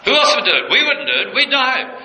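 A male preacher giving a sermon, retelling a scene with passion, dropping low and quiet and then leaping high with excitement. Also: a little fast. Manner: impassioned, leaps from low intimacy to high excited pitch. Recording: echoey room with faint noise.

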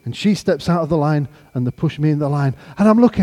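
A man shares his testimony in a lively, storytelling way, slipping into the voices of the people in it. His voice is mellow and relaxed, with a long reverb trailing behind him as if he is speaking in a large hall. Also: a little high, fast. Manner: animated, acts out conversations.

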